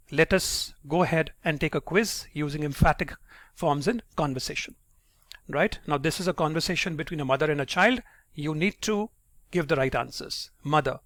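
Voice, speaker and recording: A man's voice: a little high, fairly bright tone, no room sound. A man giving an online grammar lesson, explaining patiently and often checking in with "right?". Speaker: English teacher.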